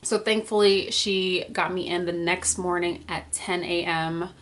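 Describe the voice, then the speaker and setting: A woman's voice: fairly low pitch, steady tone, a little slow, a bit bright. A woman in her early twenties telling a personal story to camera, candid and emotional, fighting back tears and using lots of "like". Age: early 20s. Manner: candid, emotional, many filler "like"s. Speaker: vlogger.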